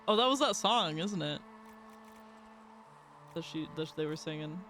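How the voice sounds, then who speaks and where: A man's voice: on the high side, lively intonation, unhurried, long pauses, pushed and bright, soft background music. A man streaming a video game live, chatty and reacting aloud as he plays. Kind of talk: live gameplay commentary.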